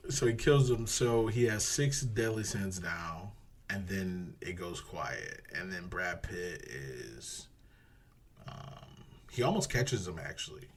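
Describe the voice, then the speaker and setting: A man co-hosting a podcast, casually retelling a movie plot in a rambling, animated way, swearing and acting out quotes. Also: low-pitched, takes it slowly, a little hiss or hum. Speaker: podcast co-host.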